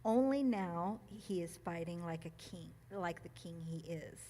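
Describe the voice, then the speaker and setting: A woman speaking at a church gathering, reading a passage and reflecting on it, emotional and quick to laugh, with many ums and restarts. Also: lowish voice, mellow, slight background noise. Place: church meeting room.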